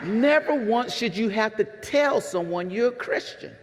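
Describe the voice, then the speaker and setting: A man's voice: high voice, animated, measured pace, long reverb tail, some chatter behind. A man preaching a sermon to his congregation in a conversational way, often repeating words and asking the room questions. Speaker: pastor. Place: church sanctuary.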